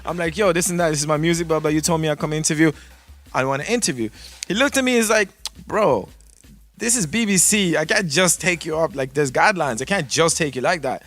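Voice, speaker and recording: A man from Toronto, telling a story in a casual podcast chat, animated and profane, acting out the voices of the people in it. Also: fairly high pitch, brisk. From Toronto, Canada. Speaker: guest musician.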